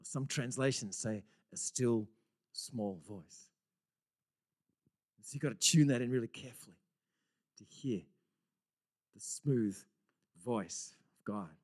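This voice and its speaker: A man preaching a sermon, earnest and excitable, swinging from loud exclamations to hushed whispers and often repeating words. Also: medium pitch, measured pace, pauses often. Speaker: pastor.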